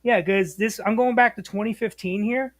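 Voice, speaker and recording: A man, a former bus operator telling stories as a podcast guest in a lively, slangy way. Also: high voice, normal speed, no room sound. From New York, US. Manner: animated, slangy, acts out quotes. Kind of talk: casual storytelling.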